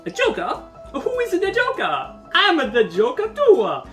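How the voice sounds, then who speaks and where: A woman voicing a male clown villain with a deliberately bad fake Italian accent, loud, high and cartoonish. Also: animated, far from the mic, lightly acted. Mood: hammy. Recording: voice over background music.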